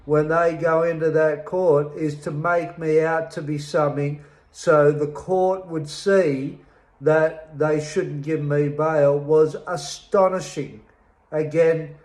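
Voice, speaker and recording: A middle-aged man with an Australian accent speaks slowly and deliberately, leaning hard on his words with a bitter edge. His voice sits a little higher than most men's, and the sound carries the echo of a bare room. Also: a little mellow. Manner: slow, emphatic, bitter, pausing often. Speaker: interviewee telling his life story. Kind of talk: personal testimony.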